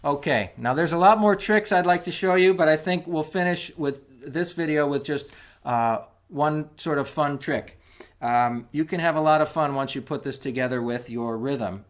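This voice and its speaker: A man's voice: a little high, normal speed. A man teaching a music lesson on video, patient and step by step, counting beats aloud as he demonstrates. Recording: clicking spoons heard behind. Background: clicking of spoons.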